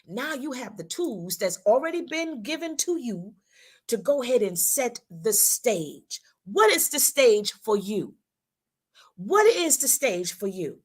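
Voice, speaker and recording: On a women's talk show she co-hosts, a woman with a fairly high voice delivers a preacher-style motivational speech, repeating her lines and acting out how people talk.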